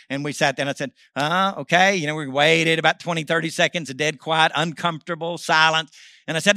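A middle-aged pastor preaching with an animated delivery that swings between loud calls and near-whispered asides. His voice sits fairly high and rings very bright. It sounds dry and close, with almost no room around it. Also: a little fast, dry recording. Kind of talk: sermon storytelling.

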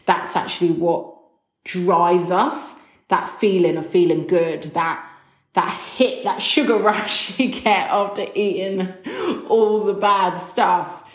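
A woman's voice: fairly low pitch, fairly even intonation, takes it slowly, reverberant. A woman hosting a podcast, talking frankly and emotionally in a chatty way. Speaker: podcast host. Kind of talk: candid solo podcast talk.

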